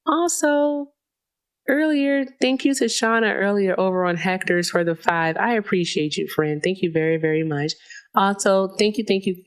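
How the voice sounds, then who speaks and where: A woman hosting a live call-in stream, talking casually and chattily, swearing freely and often laughing, speaking into a headset mic. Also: on the low side. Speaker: livestream host. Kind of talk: casual livestream chat. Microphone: headphones with mic at a streaming desk.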